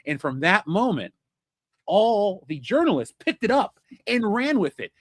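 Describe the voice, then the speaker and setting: A man's voice: high-pitched, sing-song, moderate pace, no room sound, studio quality. Blunt opinionated man hosting a podcast. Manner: blunt, opinionated, swears freely. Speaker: podcast host. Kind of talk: casual pop culture chat.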